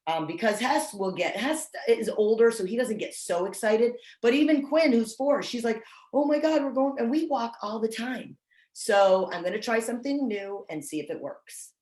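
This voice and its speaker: A woman's voice: fairly high pitch, animated, moderate pace, darkish tone, roomy sound, rough recording. A woman training service dog owners over a video call, chatty and self-deprecating, often restarting her sentences. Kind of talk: casual online training talk.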